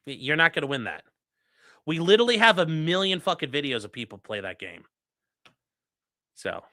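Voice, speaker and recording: A streamer giving casual legal commentary and reading chat, blunt, profane and mocking, swinging between loud outbursts and low muttering. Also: big pitch swings, normal speed, dry recording, clean studio sound.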